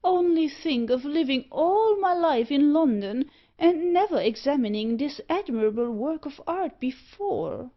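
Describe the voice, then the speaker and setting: Woman doing an old gent who gets all worked up, high and kinda far off. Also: big pitch swings, takes it slowly, few pauses, muffled recording, heavily acted. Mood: enthusiastic. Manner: rapt, exclamatory. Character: excitable old gentleman antiquary.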